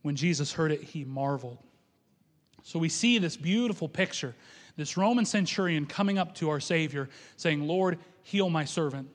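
A man's voice: on the high side, expressive, normal speed, in a large hall. A man preaching a sermon, reading scripture aloud and acting out the people in it. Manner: quotes scripture aloud and acts out the speakers in it.

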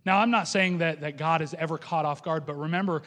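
A man's voice: on the high side, a little fast, fairly bright tone, long reverb tail. A man preaching a sermon, reading scripture aloud and acting out the people in it. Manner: quotes scripture aloud and acts out the speakers in it.

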